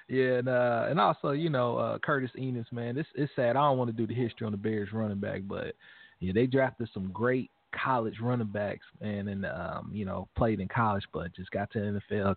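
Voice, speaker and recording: Animated man on lo-fi sports podcast. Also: lowish voice, fairly quick, creaky, no echo. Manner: animated, talks straight to fans, repeats phrases. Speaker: podcast co-host. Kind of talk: casual sports talk. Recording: phone-like narrow sound.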